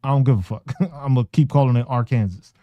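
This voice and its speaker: A man's voice: medium pitch, fast, no echo, lo-fi sound. A man hosting a podcast, ranting casually with heavy profanity and frequent laughter. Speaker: podcast host.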